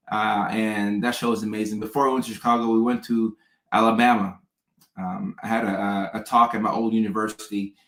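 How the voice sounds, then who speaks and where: A man from the American South chats casually at a middle pitch, winding through stories with restarts and repeated words. His voice bounces around a noticeably echoey room. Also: fairly bright tone. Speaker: host. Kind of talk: casual chat.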